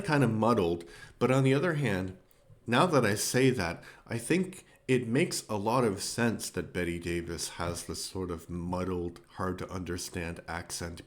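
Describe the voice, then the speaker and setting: A man giving a casual film review, thinking aloud and rambling, with frequent fillers and restarts. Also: on the low side.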